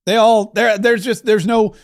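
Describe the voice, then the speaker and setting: A man hosting a political talk show, delivering animated, mocking opinion rants that race ahead and restart. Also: sits high, normal speed.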